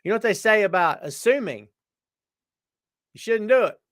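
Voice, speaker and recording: Man, chummy live-stream host, slightly high voice, dry close sound, loud exclamations then low asides. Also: animated, moderate pace, no room sound. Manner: chummy, calls viewers brother and my friend. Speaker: podcast host reading live chat. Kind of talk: casual live-stream chat.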